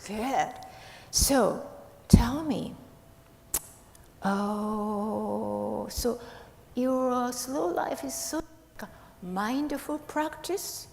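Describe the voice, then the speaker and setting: A woman's voice: a little high, very slow, creaky, long pauses, a little mellow. A woman minister giving a playful children's sermon with a puppet, coaxing the kids with questions. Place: temple hall. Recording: echoey hall, faint hiss.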